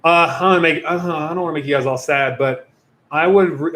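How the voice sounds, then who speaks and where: A man's voice: a little high, fairly quick, fairly bright tone. A man hosting a casual youth Q&A livestream as a youth pastor, rambling and chatty, often breaking off mid-sentence. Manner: rambling, chatty, self-interrupting. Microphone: computer or phone mic on a video stream. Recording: echoey room.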